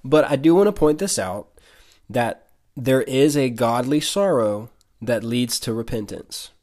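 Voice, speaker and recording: A man's voice: mid-range voice, expressive, measured pace, a little mellow. Earnest conversational male preacher. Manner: earnest, conversational, with frequent restarts and brief laughs. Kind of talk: sermon.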